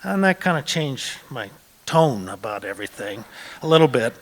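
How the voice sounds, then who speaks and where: A man in his sixties from Montana telling a true story on stage, conversational, often pausing on "uh" and repeating words. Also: medium pitch, sing-song. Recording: long hall reverb.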